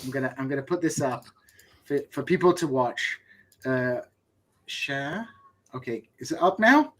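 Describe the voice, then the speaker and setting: A man's voice: medium pitch, expressive, unhurried, fairly bright tone. A man hosting a podcast, chatting loosely with bantering, stammering restarts. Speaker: podcast host. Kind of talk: casual podcast chat.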